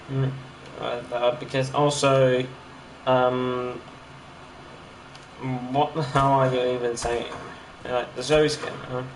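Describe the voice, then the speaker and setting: A man streaming a game, rambling and halting with many fillers as he plays. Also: mid-range voice. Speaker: gaming streamer. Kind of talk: casual gameplay commentary. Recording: roomy echo with loud ambient noise.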